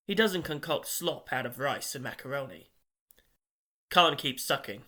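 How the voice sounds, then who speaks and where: Guy reading an audiobook, bright voice, even pace. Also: mid-range voice, unhurried. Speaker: audiobook narrator. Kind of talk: scripted narration.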